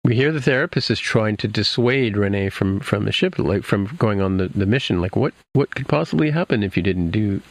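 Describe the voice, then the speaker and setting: A man's voice: fairly low pitch, lively intonation, brisk, few pauses, no room sound. A man casually recapping an episode for his podcast co-hosts, rambling with many fillers and restarts. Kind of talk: casual chat.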